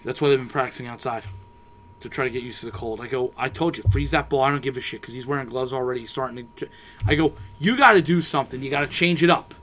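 A man with a mid-pitched voice co-hosting a sports podcast. He rants in frustration and swears freely. The talk is loose and casual. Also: quick pace, fairly bright tone. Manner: profane, frustrated ranting. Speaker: podcast co-host.

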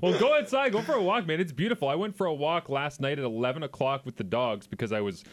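A man's voice: fairly high pitch, lively intonation, fast talker. A middle-aged Canadian man co-hosting a sports radio show, chatting casually, rambling through stories and laughing often. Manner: laughs a lot, rambling storyteller. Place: radio studio.

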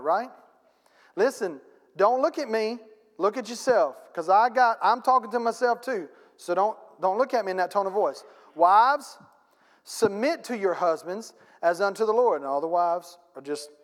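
Pastor, man, high-pitched, folksy emphatic preacher, church hall reverb. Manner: folksy preaching with casual grammar; emphatic, rising to loud peaks. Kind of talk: sermon. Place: church sanctuary.

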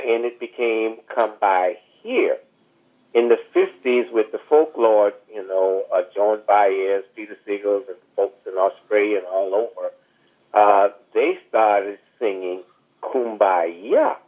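A man tells a winding story as a podcast guest, full of asides and fillers. His voice sits a little low, and it comes through a thin, tinny phone line. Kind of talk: storytelling interview over the phone.

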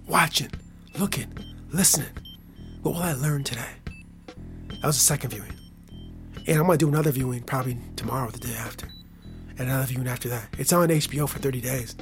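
A man from Michigan with a Michigan accent, hosting a podcast in a playful casual monologue, laughing often and dropping from loud hype to near whispers. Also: medium pitch, a little fast, vocal fry, long pauses, faint music behind. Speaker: podcast host.

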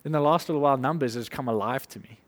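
A man preaching an informal sermon, conversational and animated, acting out little quotes and laughing as he goes. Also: medium pitch, rapid-fire, long reverb tail.

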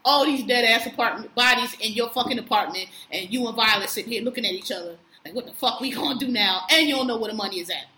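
A woman tells a film's story in a loose, chatty way, slipping into the characters' voices as she goes. Her voice sits a little high and comes across bright and forceful. The room is echoey, with faint noise behind her. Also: fast talker, hardly any pauses. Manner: animated retelling, acting out characters' lines, frequent profanity. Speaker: podcast co-host recapping a film. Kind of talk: casual storytelling chat.

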